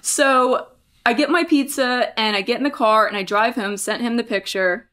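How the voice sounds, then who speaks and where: A young woman with a high, bright-sitting voice tells a story on a casual podcast. She is animated, acting out each exchange and jumping her pitch way up for quoted lines. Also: normal speed. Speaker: podcast co-host.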